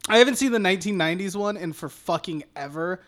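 A man's voice: high voice, quick pace, fairly bright tone. A young man co-hosting a film podcast in casual chat, swearing a lot and laughing often as he rambles. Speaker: podcast co-host.

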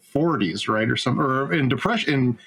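A man's voice: medium pitch, normal speed, vocal fry. A man in casual chat who retells a film scene by scene, swearing freely, laughing often and acting out the characters' lines. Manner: animated, profane, laughing storyteller who acts out the dialogue.

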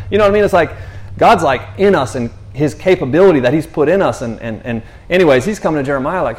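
A man telling a faith story in an animated, rambling way, often restarting and saying "you know". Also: on the high side, fast. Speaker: speaker sharing a faith testimony. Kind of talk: casual spoken testimony.

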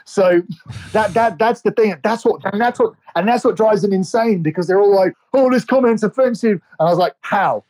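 A man's voice: high voice, fairly quick, a little mellow, rough recording. Rambling, stammering male podcast host. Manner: rambling, stammering start-stop delivery. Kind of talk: casual chat.

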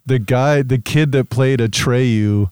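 A man's voice: medium pitch, slow, darkish tone, smooth, no echo, clean studio sound. A man co-hosting a podcast, telling stories in a rambling, stop-start way and swearing casually. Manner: rambling storyteller, lots of fillers and restarts, swears. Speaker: podcast co-host.

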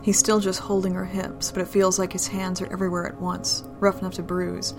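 A woman reading an adult romance story aloud in a low, intimate, steady manner. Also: fairly quick, over music. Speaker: narrator.

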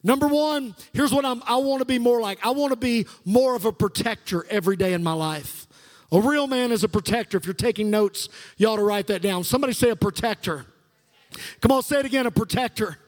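A man's voice: very high voice, fast. Man, middle-aged, pastor, fervent sermon, call-and-response, long hall reverb. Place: church sanctuary.

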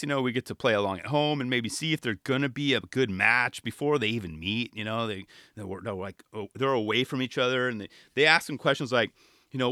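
A young man giving casual commentary on a dating show, animated and laughing, full of fillers. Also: medium pitch, dry recording, clean studio sound. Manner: animated, laughing, frequent "you know" fillers. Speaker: show reviewer.

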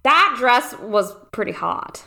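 A woman co-hosting a casual podcast, animated and playful. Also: fairly high pitch, slow pace, vocal fry. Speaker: podcast co-host.

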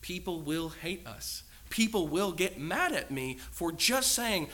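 Bright, emphatic male preacher. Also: high-pitched, sing-song, measured pace. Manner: earnest and emphatic, with many rhetorical questions. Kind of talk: sermon.

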